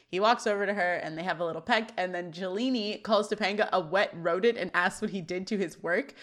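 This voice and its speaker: A woman's voice: medium pitch, fast, few pauses. A woman co-hosting a podcast, chatting casually and reading out scene-by-scene recaps of a sitcom episode. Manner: chatty, reads scene recaps with quoted lines. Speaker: podcast co-host.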